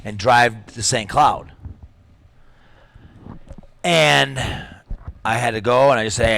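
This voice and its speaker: A man's voice: medium pitch, unhurried, fairly bright tone, clean tone, dry recording. Middle-aged minnesota guy telling a wild story, laughs a lot, swears, dead dry sound. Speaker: podcast guest, jiu-jitsu coach. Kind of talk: casual storytelling.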